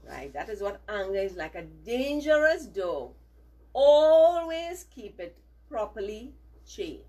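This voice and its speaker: Lively, husky-voiced woman teaching children. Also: fairly high pitch. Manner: slow, emphatic, asks children to repeat after her; frequent checking "right?". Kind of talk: children's values lesson.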